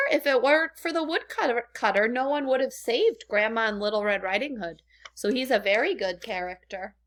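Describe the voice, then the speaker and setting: Teacher lady reading to the class, asks the kids questions, kinda high voice. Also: fairly bright tone. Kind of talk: reading a storybook lesson to children.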